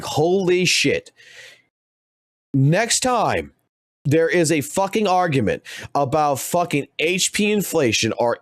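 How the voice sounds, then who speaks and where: A young man streaming, ranting crudely with constant cursing and animated outbursts. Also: a little high, no echo, clean studio sound. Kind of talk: profane ranting commentary.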